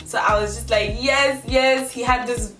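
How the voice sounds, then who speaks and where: A young woman vlogger telling a story in a chatty, animated way, acting out her own quotes. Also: fairly high pitch, measured pace. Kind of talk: casual storytelling. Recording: roomy echo from a distance, music behind. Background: background music.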